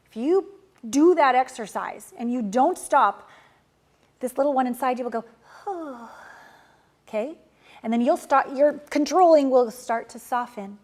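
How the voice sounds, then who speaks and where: High-voiced lady coach, blunt and casual, swears a bit, goes loud and punchy then soft and tender. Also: a little slow. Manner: emphatic and animated, swinging between loud pushes and soft, tender passages. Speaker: relationship and manifestation coach. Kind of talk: coaching course lesson.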